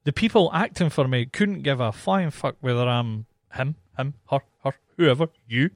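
A Scottish man telling a story in a casual chat, animated and swearing heavily. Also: mid-range voice, moderate pace, no echo, studio quality.

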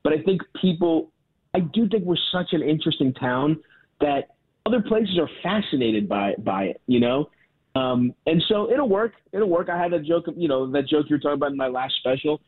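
A fairly high, animated male voice at normal speed belongs to a Baltimore comedian guest. He's on a casual phone interview over a tinny line, rambling, self-deprecating, and full of fillers and false starts.

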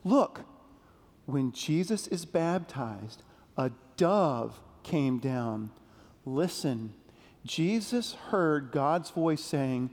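A man giving a playful children's sermon, telling a story gently and asking the kids questions. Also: a little high, animated, very slow. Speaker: pastor leading a children's message. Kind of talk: children's sermon with call-and-response. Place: large church sanctuary. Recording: long reverb of a big sanctuary.

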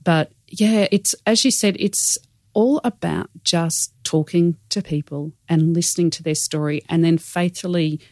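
An Australian woman talks candidly as an interview guest about her church work. She is earnest and self-deprecating, with lots of fillers. Her voice sits fairly low and the sound is dry and close. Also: steady tone, measured pace, a little mellow, dry recording. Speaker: guest, church women's leader.

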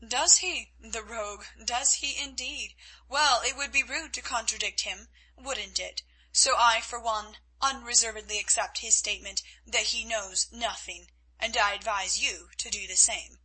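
A woman's voice: fairly high pitch, fairly even intonation, unhurried, pushed and bright, breathy edge, heavily acted, poor audio. A woman reading a cold mocking Spanish officer. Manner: mocking, coolly commanding.

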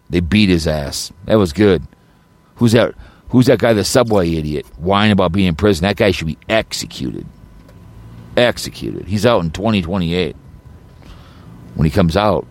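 Man, lowish voice, angry rambling rant, repeats himself, stumbles over words. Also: a little mellow. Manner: agitated, repetitive, stumbling restarts. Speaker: podcast host.

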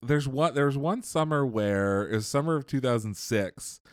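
A man co-hosting a podcast, telling stories in casual chat, animated and profane, laughing often. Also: medium pitch, normal speed, no room sound, clean studio sound. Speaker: podcast co-host.

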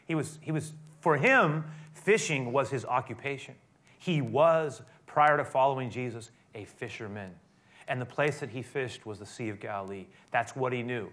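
A man preaching a sermon, retelling a story in a conversational way that swells into emphatic high points. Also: brisk, fairly bright tone. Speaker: pastor.

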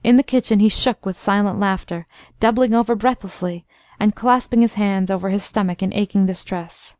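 A woman narrating a classic story in an even, expressive storytelling manner. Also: mid-range voice, moderate pace, no room sound, studio quality. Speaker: audiobook narrator.

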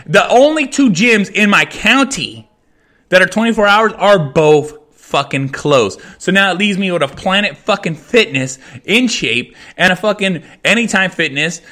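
A man delivers a furious podcast rant and swears almost every line. His voice sits high and sounds bright and tense. He circles back to the same phrases again and again. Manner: heavy swearing, repetitive, furious. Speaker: podcast host. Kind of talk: angry rant.

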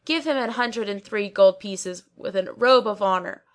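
A woman's voice: medium pitch, normal speed, close to an everyday voice. Woman voicing a pleased, generous nobleman. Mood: gracious.

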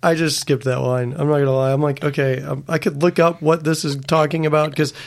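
Gravelly-voiced man hosting a podcast. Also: fairly high pitch, little pitch movement, a little fast. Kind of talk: casual podcast chat.

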